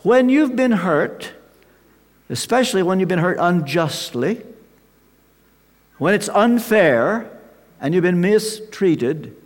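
An older man preaching a sermon, slow and emphatic with dramatic pauses. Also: on the high side. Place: large hall with an audience. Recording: reverberant hall sound.

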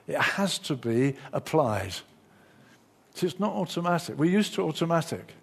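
Husky-voiced man preaching a sermon. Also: a little high, normal speed. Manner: lively preaching, acts out inner voices.

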